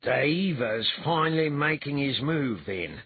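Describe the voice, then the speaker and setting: A man's voice: mid-range voice, very animated, a little slow, slightly rough, dry recording, phone-quality sound, pitched above the performer's own voice, heavily acted. A man voicing an anxious senior male priest in an audiobook, fretful and easily alarmed. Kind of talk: audiobook character voice.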